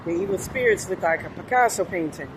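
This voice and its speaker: A woman's voice: fairly low pitch, lively intonation, quick pace, a little hiss or hum. Rambling New woman vlogging. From New Orleans, USA. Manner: rambling, meandering, frequent fillers. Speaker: spiritual vlogger. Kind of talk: casual monologue.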